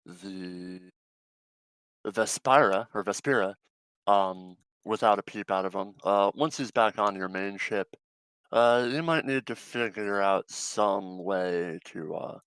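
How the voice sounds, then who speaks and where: Brief: low, smooth-voiced man running a tabletop game, hesitant and rambling. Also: unhurried, a bit bright, no room sound, poor audio. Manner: rambling, hesitant with many fillers. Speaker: game master.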